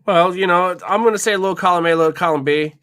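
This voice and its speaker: A man's voice: sits high, fairly quick, fairly bright tone. Profane rambling male podcast host. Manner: profane, rambling, full of fillers. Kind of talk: casual storytelling chat.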